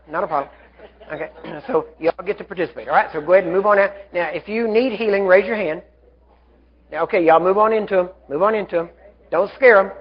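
High-voiced man preaching fervently. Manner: fervent, commanding, rising to shouts. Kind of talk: sermon. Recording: dull lo-fi live recording.

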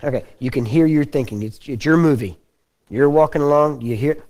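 A man with a Texan accent preaching a folksy, conversational sermon and often clearing his throat. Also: on the high side, fairly quick, a little mellow. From Texas.

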